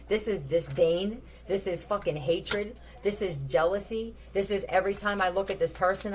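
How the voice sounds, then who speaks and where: A woman's voice: on the low side, a little hiss or hum. A woman giving a casual tarot reading, thinking aloud in a blunt, profane way. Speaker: tarot reader.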